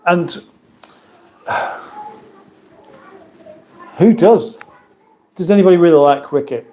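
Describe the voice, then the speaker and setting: A man's voice: a little high, takes it slowly, pauses often, darkish tone. Man, English accent, live-stream host, dry playful banter, home kitchen, reading chat comments. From England.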